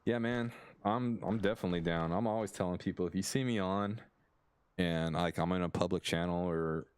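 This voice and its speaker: Low-voiced rambling American man streaming. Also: a little fast, slight background noise. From United States. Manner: rambling, self-interrupting, laughs often. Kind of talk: casual chat on a live stream. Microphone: headset.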